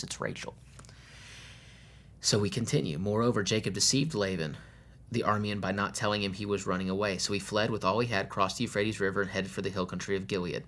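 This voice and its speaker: Casual low-voiced male pastor. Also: fairly bright tone, a little hiss or hum. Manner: casual, conversational preaching with modern slang. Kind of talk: sermon with Bible reading and commentary.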